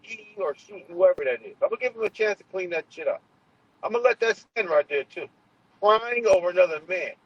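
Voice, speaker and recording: Husky-voiced man ranting on a livestream. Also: high voice, animated, quick pace, no room sound, lo-fi sound. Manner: rambling, profane, confrontational, many fillers and restarts. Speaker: livestream host. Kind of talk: heated livestream monologue.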